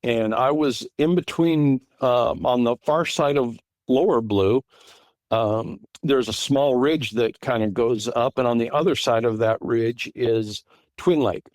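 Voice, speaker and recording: A man's voice: mid-range voice, measured pace, darkish tone, dry recording. A middle-aged man from California recounting an encounter in a rambling way, restarting his sentences often over a remote call. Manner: rambling, many restarts and fillers. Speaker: guest witness. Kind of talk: casual interview storytelling.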